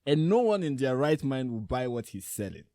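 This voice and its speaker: A man's voice: mid-range voice, big pitch swings, normal speed, dark tone, no echo, clean studio sound. A Nigerian man with a Nigerian accent hosting a reaction video, commenting on clips in a sarcastic, mocking way.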